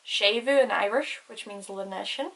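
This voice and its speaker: A woman's voice: medium pitch, normal speed, creaky, low-quality recording. A woman giving a casual language lesson who spells words out and stresses vowels carefully. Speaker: Irish language teacher.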